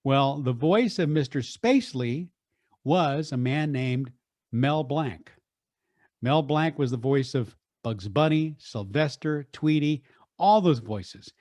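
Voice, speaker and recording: An older man, a radio deejay and voice artist, telling stories in an energetic, animated interview. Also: medium pitch, no echo. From Texas, USA. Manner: energetic, animated, quick restarts. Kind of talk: storytelling interview.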